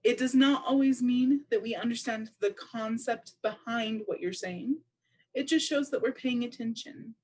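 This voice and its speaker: A woman interpreting aloud for a deaf presenter at a public seminar, speaking in a measured, explanatory way. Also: fairly high pitch, darkish tone. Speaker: sign language interpreter voicing a deaf presenter.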